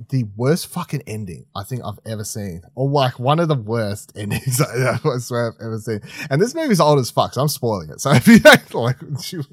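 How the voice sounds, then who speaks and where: A medium-pitched man with a breathy edge co-hosts a relaxed podcast about movies, his voice dry and close with no room sound. He tells stories loosely, restarting often, swearing freely and laughing a lot.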